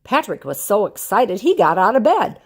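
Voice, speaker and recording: An older woman, a grandmother, reading a picture book aloud in a gentle, expressive way. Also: medium pitch, normal speed, husky. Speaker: storyteller.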